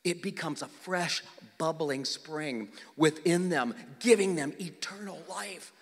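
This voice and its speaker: A man preaching a sermon, swinging between loud calls and hushed tones, acting out the people in the story. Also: a little high, slow, creaky, in a large hall. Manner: animated, swings from loud to hushed, acts out voices. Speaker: pastor.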